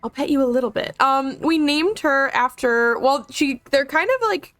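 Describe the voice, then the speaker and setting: An excitable woman commentating on a video game during a live stream, chatting freely and swearing. Her voice sits fairly high and leaps around in pitch. The sound is close and dry, with faint game music underneath. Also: normal speed, no room sound.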